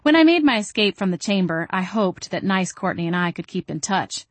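A woman reads a first-person novel aloud with wry, sardonic timing. Her voice sits at an ordinary middle pitch. The recording is close and dry. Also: very animated, a little fast, no echo. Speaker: audiobook narrator. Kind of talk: first-person audiobook narration.

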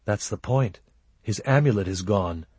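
A man giving voice to a blunt, practical young man who waves off his father's fears. His voice is husky, spoken in a plain, level way, like a steady storybook reading. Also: on the low side, measured pace, no room sound. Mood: matter-of-fact. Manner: blunt, matter-of-fact. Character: skeptical grown son, blunt and practical.

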